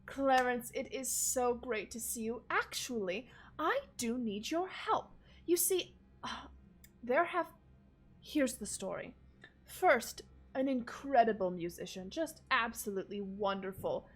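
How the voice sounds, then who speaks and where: A woman voicing a suave, effusive nobleman who flatters his guests in a high, theatrical voice, during a tabletop game. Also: measured pace. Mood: gushing.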